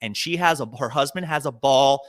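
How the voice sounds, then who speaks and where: A man co-hosting a podcast, telling funny stories in casual comedic chat with an animated delivery that drops into low asides. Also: a little fast. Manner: animated storyteller, swings between loud and low asides. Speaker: podcast co-host.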